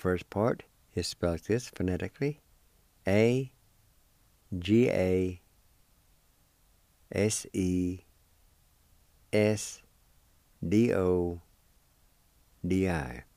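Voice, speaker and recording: On the radio, a man gives a language lesson, spelling words letter by letter and repeating them slowly. He's patient and encouraging toward his listeners. His voice is low and mellow, with no echo.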